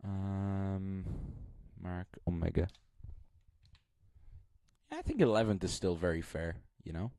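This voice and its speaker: A man's voice: low-pitched, very animated, a little slow, vocal fry, long pauses, mellow. A young man streaming live, thinking aloud in a rambling, casual way and poking fun at himself.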